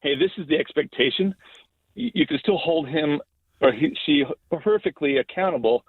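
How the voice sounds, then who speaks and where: This time the middle-aged principal's voice sits fairly high and is expressive, moving at normal speed. He tells an earnest story on a casual podcast, often restarting what he's saying. There's no room sound, and the line is thin like a phone's.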